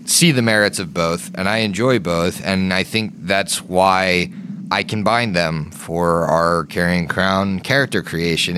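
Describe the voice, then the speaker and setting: A man's voice: low-pitched, pushed and bright, a little hiss or hum. A man co-hosting a tabletop gaming podcast and explaining how he runs his games, in loose casual chat with a lot of swearing. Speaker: podcast co-host and game master.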